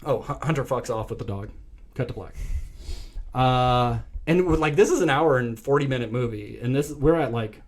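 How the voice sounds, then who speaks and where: A young adult man co-hosting a podcast, retelling a movie plot in a casual, animated way and acting out the quotes. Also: mid-range voice, normal speed. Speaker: podcast co-host. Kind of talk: casual movie recap chat.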